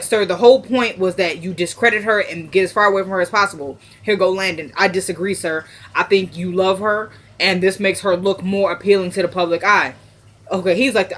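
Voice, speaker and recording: A woman's voice: medium pitch, fairly bright tone. A woman recapping a TV drama episode, acting out the characters' lines. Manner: retells scenes, acting out quoted lines.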